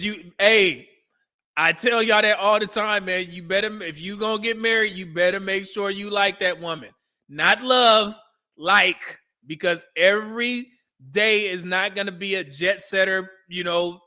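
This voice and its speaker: Bright, chatty man streaming commentary. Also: high-pitched. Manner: laughs often, talks back to the clips, reads out chat. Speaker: streamer reacting to an old dating show. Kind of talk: casual live-stream commentary.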